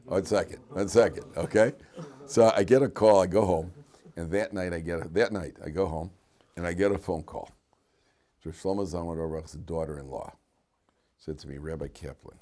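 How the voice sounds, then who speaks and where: A man rabbi giving a storytelling Torah lecture to students, animated, dropping to quiet asides and then bursting out loud, teasing his listeners. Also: low voice, moderate pace. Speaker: rabbi teaching a class.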